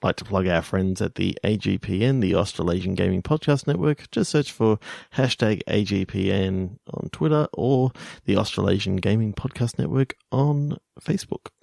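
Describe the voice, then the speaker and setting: A man co-hosting a podcast in casual chat, halting and searching for his words. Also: lowish voice, gravelly, darkish tone, dry recording, clean studio sound. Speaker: podcast co-host.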